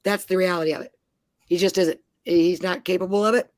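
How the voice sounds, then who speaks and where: A woman's voice: on the low side, steady tone, a little fast, dry recording. A middle-aged woman, a mother, telling rambling, profane travel stories in casual chat.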